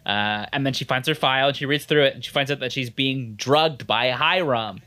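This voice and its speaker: A woman co-hosting a casual podcast, recapping an episode quickly and swearing freely. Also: rumbling low, a bit bright. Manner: swears, laughs, quick recaps with acted quotes. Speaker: podcast co-host.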